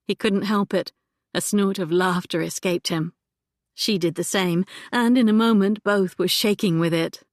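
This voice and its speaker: Measured woman audiobook narrator, dry sound. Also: mid-range voice, no room sound.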